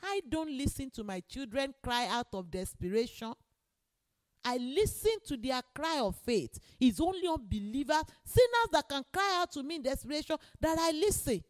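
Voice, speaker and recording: A woman's voice: high voice, animated, moderate pace, no echo. A woman preacher voicing God as a patient, fatherly male deity in a sermon. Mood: gently correcting.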